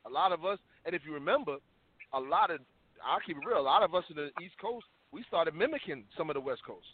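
A man tells stories in an animated, slang-heavy way. His voice sits a little high. The sound is dry and thin, like a phone line. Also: fast talker, breathy edge, no echo. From New York. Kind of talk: casual discussion.

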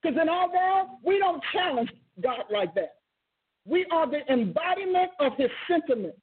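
A woman preaching a sermon with passion, repeating and rephrasing her words and breaking into sudden exclamations. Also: high voice. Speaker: preacher and teacher. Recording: tinny phone-like sound.

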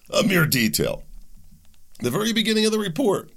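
A man's voice: sits high, big pitch swings, unhurried, gravelly, a bit bright. A man hosting a talk show, delivering a rambling, sarcastic, opinionated monologue. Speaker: host.

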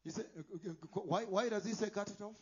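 A man preaching a sermon, moving between quiet asides and loud impassioned declarations. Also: high-pitched, fast talker, breathy edge, lo-fi sound.

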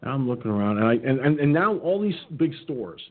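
In a brisk, mid-range voice, a middle-aged man on his online radio talk show spins a humorous story in easygoing chat, performing the other people's lines in their voices. The sound is tinny, like a phone line.

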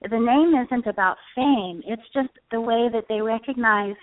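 A woman's voice: on the high side, normal speed, no echo. Earnest woman guest on a phone line. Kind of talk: conversational advice on a call-in show. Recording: dry tinny phone line.

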